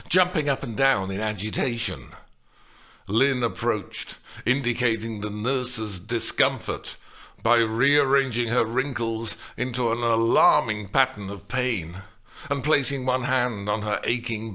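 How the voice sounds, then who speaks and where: A man reading a comic novel aloud as an audiobook, with wry, expressive delivery. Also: on the low side. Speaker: audiobook narrator. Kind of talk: audiobook narration.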